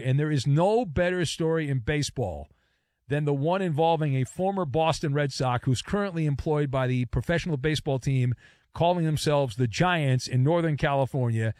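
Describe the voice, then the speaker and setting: A man's voice: a little high, no room sound, studio quality. A man hosting a sports talk radio show, playful and theatrical, with joking asides and repetitions. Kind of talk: sports talk radio with live-read ads.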